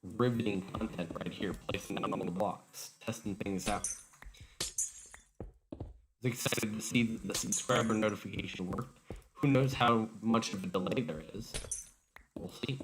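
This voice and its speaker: A man's voice: fairly low pitch, normal speed, long pauses. A man streaming from home and chatting casually, joking at his own expense, his voice garbled and robotic-sounding from a faulty microphone. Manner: joking, sarcastic self-mockery. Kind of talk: casual livestream chat. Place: home room. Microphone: faulty desk microphone. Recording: noisy, glitchy home mic.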